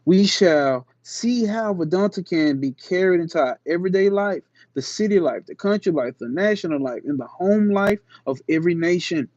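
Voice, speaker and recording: A man's voice: sits high, animated, a little mellow, dry recording, highs cut off. Slangy man reading and riffing. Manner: slangy asides between slow emphatic reading. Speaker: channel host. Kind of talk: reading aloud with casual commentary.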